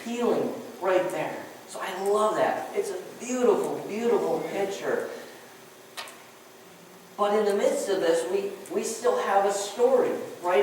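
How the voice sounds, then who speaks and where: A woman preacher giving a sermon, telling the story in an animated way with many restarts. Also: medium pitch, slight background noise. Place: church sanctuary. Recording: echoey church hall, mic far off.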